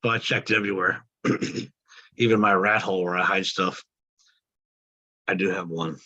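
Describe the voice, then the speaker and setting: Give me a friendly, joking man with a low but bright voice in casual chat. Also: fairly even intonation, measured pace, muffled recording.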